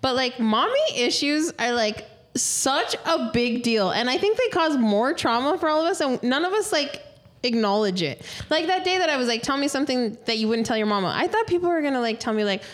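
A woman's voice: high voice, expressive. A young woman co-hosting a podcast, teasing and blunt in casual conversation. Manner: teasing, blunt and quick to laugh. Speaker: podcast co-host. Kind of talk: casual chat.

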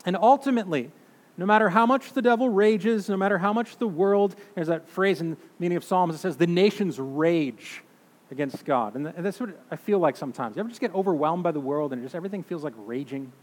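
A man in his thirties or forties preaching a sermon, emphatic, swinging between loud declarations and hushed, slow phrases. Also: sits high. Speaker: pastor. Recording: long reverb of a large hall.

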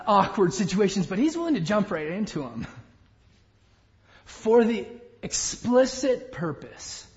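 A man's voice: sits high, darkish tone. A man in his thirties preaching a sermon, telling a story with self-deprecating humor. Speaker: pastor. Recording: dull audio with long hall reverb.

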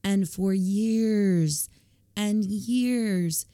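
A woman co-hosting a casual podcast, her voice croaky from a cold, with a wry, self-deprecating way of talking. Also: medium pitch, very slow, mellow. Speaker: podcast co-host. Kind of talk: casual chat.

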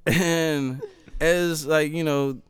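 A man chatting casually, telling animated stories with frequent laughs and acted-out quotes. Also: a little high, extremely slow, smooth, no echo. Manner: animated storyteller, laughs often, acts out quotes. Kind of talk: casual chat.

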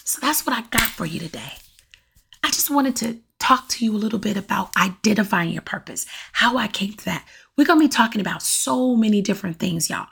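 A middle-aged woman hosting her own podcast, talking to listeners in a lively, preachy way and calling out to them often, with a voice that turns raspy at times. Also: mid-range voice, a little fast. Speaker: podcast host. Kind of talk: casual solo podcast monologue. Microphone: USB condenser mic.

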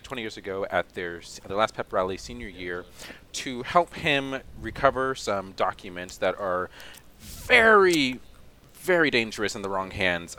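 A man's voice: fairly low pitch, pushed and bright. A man co-hosting a casual movie podcast, often stumbling and repeating words as he talks. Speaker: podcast co-host.

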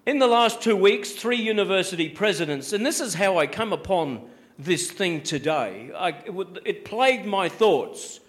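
A high-pitched man delivering a sermon from the pulpit. He preaches emphatically, repeating his points and firing rhetorical questions at the congregation. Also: animated, normal speed. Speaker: pastor.

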